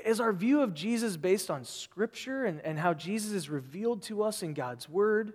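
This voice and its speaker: High-voiced preacher in a reverberant hall. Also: male voice, animated, normal speed. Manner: conversational, rambling with asides and rhetorical questions. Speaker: pastor. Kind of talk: sermon.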